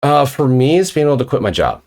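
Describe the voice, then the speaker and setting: A man's voice: mid-range voice, very animated, fast, a little mellow. Rambling man hosting a casual stream interview. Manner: rambling, swears freely, retells stories with quoted voices. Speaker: podcast host.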